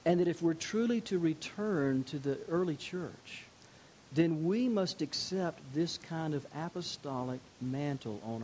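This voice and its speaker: An older male pastor delivers a sermon in a slightly high voice, moving from hushed, personal storytelling to slow, emphatic declarations. A faint hiss sits under the recording. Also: rough recording. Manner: storytelling preacher, shifting between quiet intimacy and emphatic declarations.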